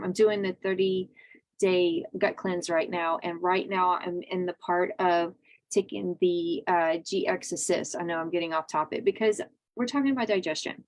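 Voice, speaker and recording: A woman in her thirties leads a casual wellness class in an animated, chatty way. She laughs easily and slips into lively asides. Her voice sits at an ordinary middle pitch.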